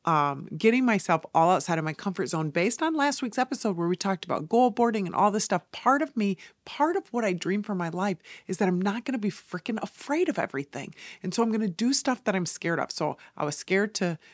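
A woman hosting a podcast, telling a story in a casual, animated way and slipping into soft whispered asides. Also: medium pitch, fairly quick, few pauses, no echo, clean studio sound. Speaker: podcast host and salon owner.

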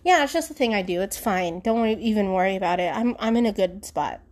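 A woman's voice: medium pitch, lively intonation, fast. A young adult woman hosting a solo podcast from home, talking candidly and rambling with many fillers and bursts of laughter. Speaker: podcast host. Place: alone at home.

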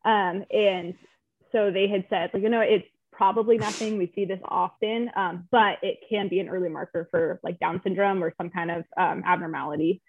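A woman's voice: fairly low pitch, fairly even intonation, moderate pace, dry recording. A young woman in a casual interview, telling her story in a chatty, emotional way with lots of fillers. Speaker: guest. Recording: tinny phone-like line.

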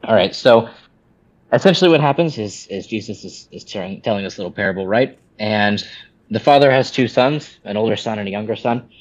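A man's voice: lowish voice, brisk, lo-fi sound. A man co-hosting a casual podcast, talking in a rambling way with many restarts. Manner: rambling, many restarts, animated when quoting. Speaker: podcast co-host.

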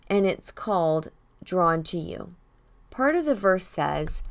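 Older lady doing a weekly devotional, gentle reflective storytelling. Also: mid-range voice, lively intonation, measured pace. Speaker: devotional host. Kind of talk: personal devotional talk.

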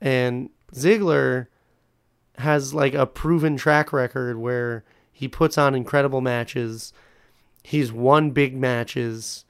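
A young man with a smooth, clear voice co-hosts a relaxed podcast. He chimes in with short remarks and a lot of fillers. The recording is close and dry. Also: medium pitch, slow pace, no echo. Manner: short agreeing interjections, fillers like "like". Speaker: podcast co-host. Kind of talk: casual wrestling review chat.

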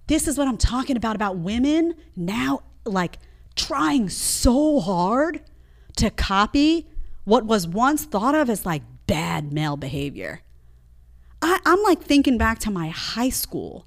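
A woman's voice: a little high, very animated, measured pace, gravelly. A woman hosting a live show, reacting to clips with indignant, mocking commentary. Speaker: host. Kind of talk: opinionated live-stream commentary.

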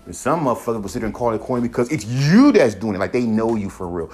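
A man's voice: mid-range voice, big pitch swings, quick pace, darkish tone, faint music behind. A man hosting a solo podcast, ranting in a heated, profane way and mocking critics. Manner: profane, heated, mocks critics in put-on voices. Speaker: podcast host.

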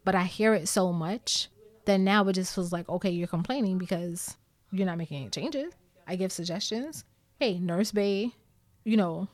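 New York woman vlogger, blunt and profane, dry close sound, mid pitch. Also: no echo. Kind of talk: candid storytime talk to viewers.

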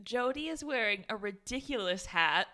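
A woman's voice: a little high, lively intonation, normal speed, pushed and bright. A young woman co-hosting a podcast, chatting casually about a film, giggly, exasperated and mocking. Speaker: podcast co-host. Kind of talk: casual chat recapping a film.

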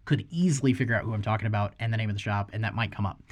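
A man's voice: fairly low pitch, racing. A young man who owns a tattoo shop, chatting casually on a podcast and telling rambling, profane stories with acted-out quotes.

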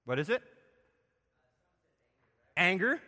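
A man's voice: very animated, slow pace. Preaching man in a reverberant hall. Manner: asks the congregation questions, swings from loud emphasis to soft and low. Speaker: pastor. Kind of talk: sermon.

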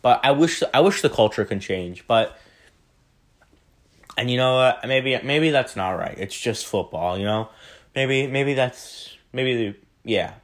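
A late-teen young man answers questions in a relaxed vlog shot on a phone, chatting, rambling and correcting himself along the way. His mid-range voice is expressive and his pace measured.

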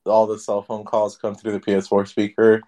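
A man's voice: lowish voice, monotone, brisk, mellow. A man co-hosting a gaming podcast, chatting in an offhand, easygoing way. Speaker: podcast co-host. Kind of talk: casual chat.

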